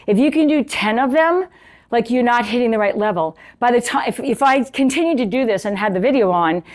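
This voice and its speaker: A middle-aged woman coaching fitness in a loose, conversational way, with a voice pitched a little above most women's. She talks while working out on an exercise bike and keeps checking in with the viewer. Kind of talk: casual instructional talk while demonstrating on an exercise bike.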